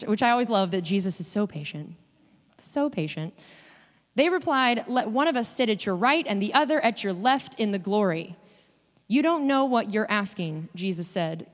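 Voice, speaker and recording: A woman giving a guest sermon in a chatty, animated way, acting out quoted voices as she talks. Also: medium pitch, normal speed. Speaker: guest preacher. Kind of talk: conversational sermon. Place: church sanctuary. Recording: long hall reverb in a church.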